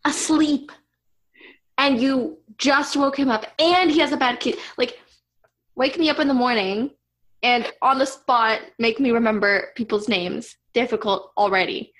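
A woman's voice: a little high, unhurried, fairly bright tone. A young woman reading a story aloud as a comedy co-host, sarcastic and amused as she comments on it.

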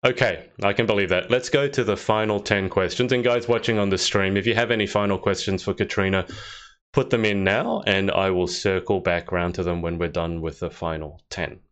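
A man hosting a live interview, asking quick questions and making playful asides. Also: sits low, fairly even intonation, a bit bright. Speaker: podcast host, interviewer. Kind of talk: casual interview chat.

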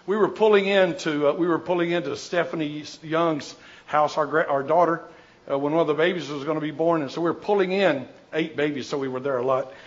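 An older man answers audience questions, spinning rambling, jokey stories with plenty of restarts. His voice sits a bit high for a man. The recording is dull and lo-fi. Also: fairly quick. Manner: animated anecdotal storyteller, jokey, rambling with restarts. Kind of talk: informal Q&A talk with storytelling.

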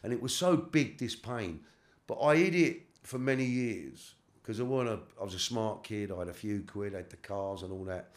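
A middle-aged man from London with a London accent, a guest in a candid interview, talking haltingly with casual slang and repeated words. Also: lowish voice, lively intonation. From London, England. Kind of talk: candid life-story interview.

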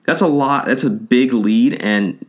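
A man's voice: mid-range voice, unhurried. A man giving a loose, conversational motivational talk, with lots of fillers and a habit of tagging his points with "right?".

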